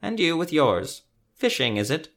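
A man's voice: on the high side, very animated, normal speed, fairly bright tone, pitched above the performer's own voice. A man voicing a sly, chatty woman bookseller in an audio story, with a raised, wry delivery. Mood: teasing.

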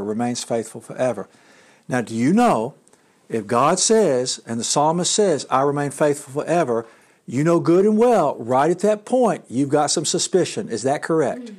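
Middle-aged male pastor, mid-pitched voice, loose conversational sermon full of restarts and asides. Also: darkish tone.

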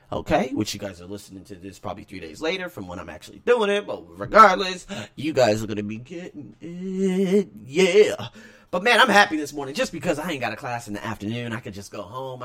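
Excitable rambling male podcast host. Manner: energetic, rambling, swings from loud excitement to low mutters. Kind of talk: casual solo podcast talk.

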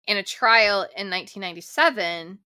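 Bright, dry-sounding woman podcast host. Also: medium pitch, a little fast, clean tone, no echo. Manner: blunt, offhand remarks. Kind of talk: casual chat.

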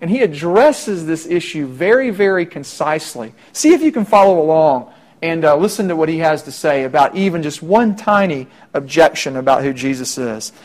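A man's voice: a little high, expressive, normal speed, a little mellow. A young man from Middle Tennessee, preaching a conversational sermon full of rhetorical questions to students. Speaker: campus minister.

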